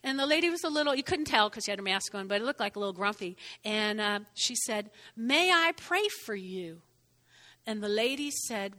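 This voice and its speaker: An older woman preaching a sermon in an animated way, often checking in with "okay?" and "all right?". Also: high voice, moderate pace. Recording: reverberant hall.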